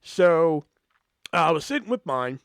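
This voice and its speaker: A man's voice: on the high side, measured pace, no room sound, studio quality. Rambling, cursing man telling a story. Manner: rambling and profane, full of "you know" fillers; acts out quoted people in lively voices. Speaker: podcast host. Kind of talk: casual storytelling.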